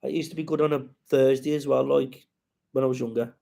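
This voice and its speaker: Gravelly man chatting on a live stream. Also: mid-range voice, fairly even intonation, brisk, warm tone. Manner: rambling, sweary, reads out viewer comments and greets them. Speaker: comedian hosting a live chat. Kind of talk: casual live-stream chat.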